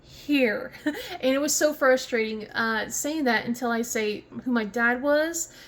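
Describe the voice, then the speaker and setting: A woman from southern West Virginia speaks a little slowly in a slightly high, somewhat bright voice with a Southern American accent. It's casual craft-vlog chatter, rambling, filled with fillers and restarts, and punctuated by frequent laughter.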